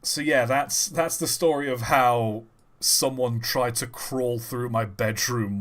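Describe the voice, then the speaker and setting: A man's voice: medium pitch, slow pace. Chatty young man. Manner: animated storytelling, swears casually. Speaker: streamer. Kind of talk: casual live-stream chat.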